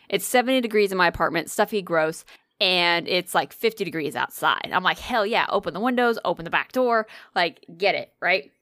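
A woman chatting casually, telling a story with lots of swearing and animated energy. Her voice is bright and forceful, recorded dry and close with no room sound. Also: on the low side, clean tone, no echo. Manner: animated, profane, swears freely.

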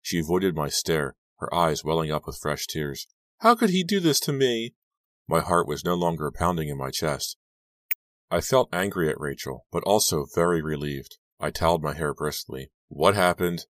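A man reading a young-adult horror novel aloud, in a steady, measured manner. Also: extremely low pitch, no echo, studio quality. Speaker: audiobook narrator. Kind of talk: scripted narration.

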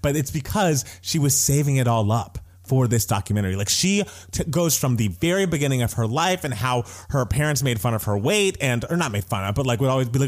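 A man hosting a podcast in casual chat, retelling a documentary in an expressive, gossipy way. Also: medium pitch, brisk, few pauses. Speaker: podcast host.

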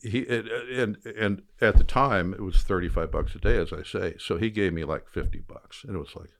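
An older man, a former fishing guide, telling a lively story in casual conversation and shouting out the quoted lines. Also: deep voice, normal speed, gravelly.

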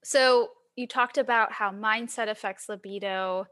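Upbeat woman host on a podcast, bright tone, dry close sound, gets really into it. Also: medium pitch, measured pace, no room sound. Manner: enthusiastic, animated reactions. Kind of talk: casual podcast conversation.

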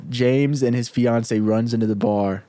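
A man's voice: mid-range voice, fairly even intonation, a little slow, mellow, no echo. A young man in casual chat, playfully brainstorming a story with a friend. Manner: playful, jokey. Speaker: co-writer.

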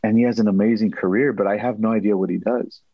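A man's voice: fairly low pitch, quick pace, no echo. Guy telling a story on a podcast, acts out the quotes, kinda muffled and dry. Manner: animated, acts out quotes, repeats himself. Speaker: guest. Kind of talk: storytelling in a casual interview.

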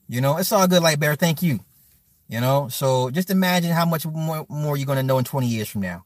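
A man streaming live talks to his chat in an animated, brisk voice pitched a little high, with no room sound on the recording. He rants bluntly and profanely, wandering off topic, stammering and repeating himself, and stops to thank and reply to viewers.

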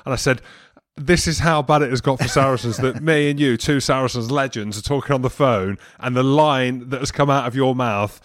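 A man's voice: medium pitch, a little fast, hardly any pauses, dry recording, clean studio sound. A man co-hosting a rugby podcast who tells stories with energy and mimics other people. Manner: animated storytelling, mimicking others. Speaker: podcast co-host, former player. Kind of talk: casual rugby podcast chat.

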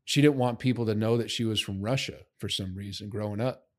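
A man's voice: lowish voice, a little fast. A man in casual chat, talking bluntly and swearing freely as he gives opinions.

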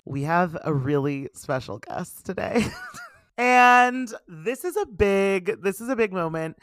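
Smooth-voiced chatty young woman podcaster. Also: fairly low pitch, takes it slowly, no echo, clean studio sound. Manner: chatty, swears casually, animated quoting. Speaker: podcast co-host. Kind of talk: casual chat.

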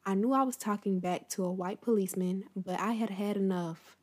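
A woman with a mid-range, steady voice and a somewhat dark tone speaks briskly as she hosts a history story. She chats casually and directly with her listeners about the past, then reads a passage from a book aloud.

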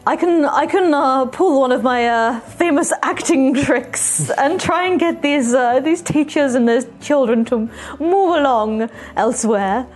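Playful high-voiced woman player. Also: measured pace, hardly any pauses, faint music behind. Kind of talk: tabletop role-play.

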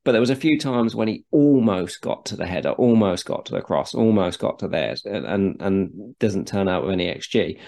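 A man's voice: fairly low pitch, expressive, moderate pace, vocal fry, few pauses, mellow. A man in casual podcast chat about football, talking loosely and repeating words as he restarts. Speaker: podcast co-host.

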